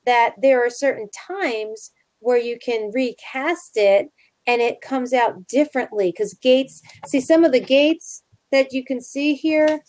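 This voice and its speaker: A woman's voice: high voice, unhurried, a little mellow. A woman chatting casually in an online video conversation, filling her talk with "like". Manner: chatty, lots of "like".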